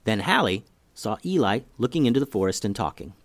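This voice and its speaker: Male kids' podcast narrator, lively delivery, dry close sound. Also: on the low side, brisk, no echo. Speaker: podcast host and storyteller. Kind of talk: children's story narration.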